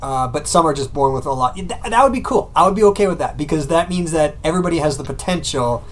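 A man's voice: a little high, expressive, fast talker, fairly bright tone. A man chatting casually on a podcast, laughing often and swearing freely. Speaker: podcast co-host. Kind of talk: casual chat.

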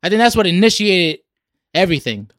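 A man's voice: sits high, big pitch swings, fairly quick, fairly bright tone, dry recording, studio quality. A young man in casual podcast banter, laid-back and swearing casually. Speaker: podcast co-host.

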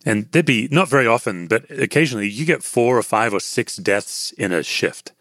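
A man's voice: mid-range voice, animated, moderate pace, fairly bright tone, no echo, clean studio sound. An Australian man, a podcast guest and author, answering interview questions in an earnest, reflective, pastoral way.

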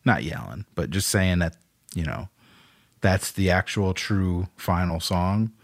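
A man's voice: deep voice, animated, a little slow, vocal fry, no echo, studio quality. A man co-hosting a podcast in casual chat, reading out listener lists with loose laughter and free swearing. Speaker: podcast co-host.

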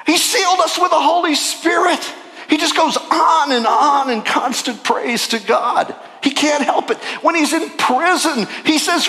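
A male pastor preaching a sermon in an animated way, breaking into acted-out voices and jokes. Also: very high-pitched, a little slow, long reverb tail.

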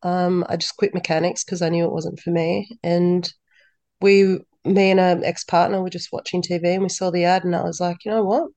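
A woman, a podcast guest telling stories in a lively way and acting out dialogue. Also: fairly low pitch, moderate pace, no echo. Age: 30s. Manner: lively storyteller who acts out quoted dialogue. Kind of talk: casual interview chat.

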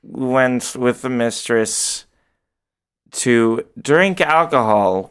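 A man narrating a tabletop game as game master, animated and often laughing. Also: takes it slowly, clean tone. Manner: animated, breaks into laughter and high squeals.

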